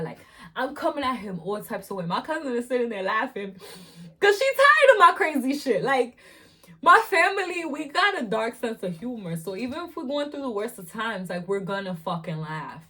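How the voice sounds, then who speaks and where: A young woman vlogger in her twenties telling a storytime while eating, animated and profane with frequent laughter. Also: on the high side, normal speed.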